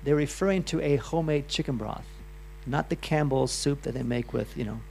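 Chatty man with a gravelly voice. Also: a little high, a little fast, darkish tone, a little hiss or hum. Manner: loose, chatty, with restarts and asides. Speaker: health speaker. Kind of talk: live talk to an audience.

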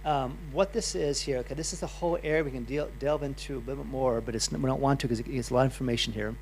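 A middle-aged man gives a health talk to a room full of people. He is chatty and loose, stumbles and restarts often, and speaks in a gravelly, mid-pitched voice. A faint electrical hum sits under the recording. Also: fairly even intonation, fast, darkish tone. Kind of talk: live talk to an audience.

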